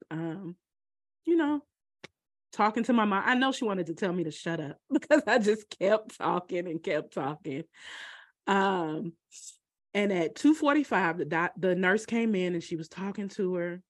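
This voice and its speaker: Woman telling a personal story, halting. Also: on the low side, dry recording, studio quality. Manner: halting, emotional, many pauses and fillers.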